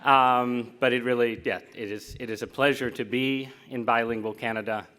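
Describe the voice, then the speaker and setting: American guy giving a lecture, jokey and self-deprecating, restarts a lot, mid-pitched voice. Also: steady tone, normal speed, pushed and bright. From United States. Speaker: guest lecturer. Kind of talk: public lecture. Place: lecture hall.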